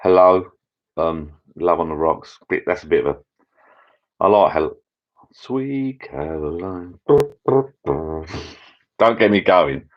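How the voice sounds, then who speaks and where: A middle-aged man hosting a casual live chat with viewers from his backyard pub shed, rambling and getting easily excited. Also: low-pitched, moderate pace. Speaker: channel host. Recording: dull lo-fi sound.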